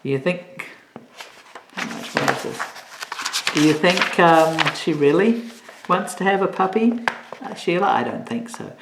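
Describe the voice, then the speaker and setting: A woman reading a children's chapter book aloud in an expressive way, stopping to ask her listeners questions. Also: fairly low pitch, measured pace, pauses often, noisy background. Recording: echoey room.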